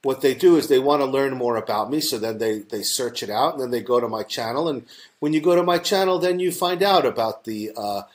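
A man's voice: mid-range voice, fairly quick. A man with a New York accent, a talk-show guest who rambles with many fillers and restarts. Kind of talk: casual talk-show conversation.

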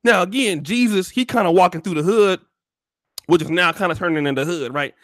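A man telling a profane comedic story to his stream in animated, slangy talk. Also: sits high, a little fast, no room sound, clean studio sound.

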